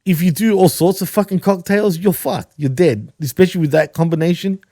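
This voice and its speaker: An Australian man in loose, profane podcast chat, full of bro and dude and quick laughs. His voice sits a touch high for a man yet sounds mellow and dark. The recording is close and dry, with no room sound. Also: no echo. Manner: swears often, laughs a lot, says bro and dude. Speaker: podcast co-host. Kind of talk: casual chat.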